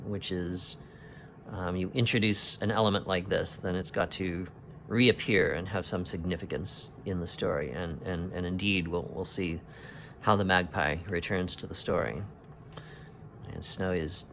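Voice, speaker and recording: A man's voice: deep voice, slight background noise. A man hosting a casual comic read-through, musing and hesitant as he comments. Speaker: podcast host reading comics.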